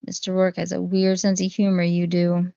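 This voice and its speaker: Gravelly-voiced woman chatting on a livestream. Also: lowish voice, monotone, normal speed, mellow, dry recording. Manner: chatty, answering viewers' chat comments one by one. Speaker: livestream host. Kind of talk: casual livestream chat. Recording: dry, dull lo-fi stream audio.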